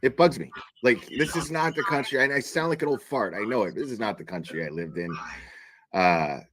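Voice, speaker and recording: A man ranting in a casual commentary, animated and incredulous, swearing often and laughing as he talks. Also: medium pitch, brisk, no echo. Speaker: online commentator.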